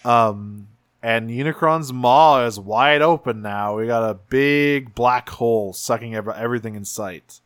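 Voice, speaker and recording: A man's voice: mid-range voice, a little slow, a bit bright, clean tone, dry recording. Dry-voiced man in casual podcast chat. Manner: rambling, many restarts and fillers. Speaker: podcast co-host recapping a cartoon series.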